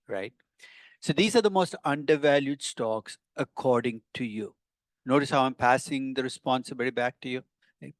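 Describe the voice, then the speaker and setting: A man's voice: mid-range voice, dry recording. An older man, a professor giving a conversational classroom lecture with wry, teasing asides to his students.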